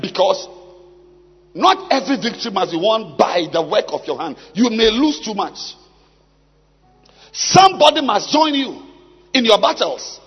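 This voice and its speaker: Preacher with a high voice. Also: male voice, very animated, husky, faint music behind. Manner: preaching with drawn-out pauses and sudden shouts. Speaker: pastor. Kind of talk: sermon. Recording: dull sound with long hall reverb.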